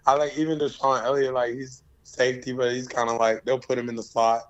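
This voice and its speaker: A man, a former player as guest, in casual chat, his voice hoarse and worn from yelling, speaking in a laid-back drawl. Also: mid-range voice, flat delivery, a little fast, lo-fi sound.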